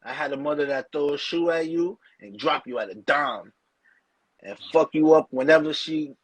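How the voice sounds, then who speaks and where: A man's voice: fairly high pitch, normal speed, breathy edge, dry recording, poor audio. A man hosting a podcast, chatting casually with loose slang and lots of "bro". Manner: loose slang-heavy talk, calls listener bro. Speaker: podcast host. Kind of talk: casual chat.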